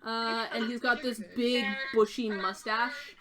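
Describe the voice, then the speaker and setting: A woman's voice: fairly high pitch, fairly even intonation, measured pace, a crowd in the background. A woman narrating a tabletop game as game master, descriptive and full of "uh" fillers.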